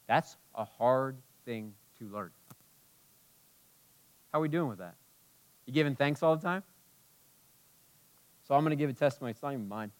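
A man preaching a sermon as a pastor, impassioned, moving between loud emphasis and hushed tenderness. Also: medium pitch, normal speed.

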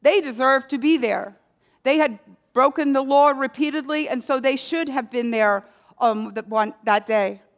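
A woman preaching a sermon, telling a story slowly and letting key words fall low and quiet.

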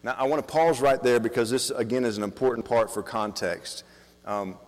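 Preacher in a reverberant hall. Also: male voice, medium pitch, moderate pace. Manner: builds from quiet reflection to emphatic, rising delivery with many restarts; asks the congregation questions. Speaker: pastor. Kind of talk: sermon. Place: church hall. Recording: long reverb of a church hall.

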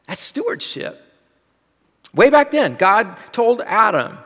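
A man's voice: high-pitched, very animated, slow, long pauses, sharp tone. Man preaching in a reverberant hall. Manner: conversational preaching with rhetorical questions. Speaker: pastor. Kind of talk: sermon.

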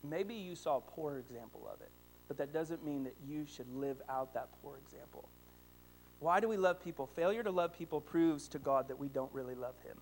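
Male pastor in his thirties, high voice, animated storyteller in the pulpit. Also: brisk, a little hiss or hum. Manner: animated storytelling, rising to excited shouts. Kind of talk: sermon with personal stories.

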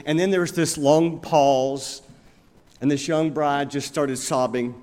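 A man's voice: on the high side, fairly even intonation, darkish tone. A male pastor preaching with a slightly raised voice, telling stories and drawing out key words for emphasis. A long reverb from a large hall trails after each phrase. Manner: storytelling, emphatic, with slow pointed phrases. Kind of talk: sermon.

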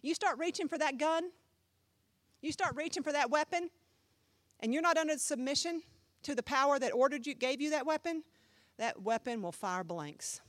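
A middle-aged woman pastor preaches in a high, dry, close-miked voice. She fires rhetorical questions and swings from loud emphasis to hushed asides. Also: animated, moderate pace, dry recording. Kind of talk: sermon.

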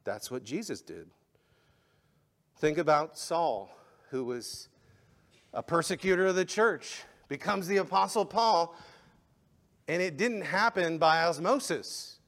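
A man preaching a sermon as pastor, impassioned, rising to emphatic peaks and then dropping quiet. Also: a little high, expressive, slow, pauses often. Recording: long hall reverb.

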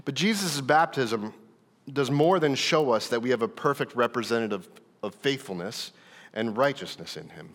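Earnest pastor preaching in a reverberant hall. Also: male voice, medium pitch, lively intonation, moderate pace, fairly bright tone. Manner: earnest, repeats words and restarts, rising with emphasis. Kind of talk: sermon. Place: church hall.

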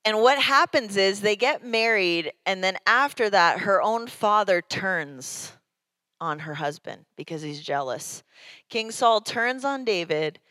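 A woman pastor delivering a sermon, telling the story in a conversational, animated way. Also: medium pitch, no echo.

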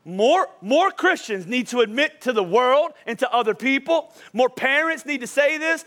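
Male pastor, middle-aged, high-pitched voice, animated call-and-response sermon. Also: moderate pace, hardly any pauses. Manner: animated, joking, urges the crowd to repeat after him. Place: church service before a congregation.

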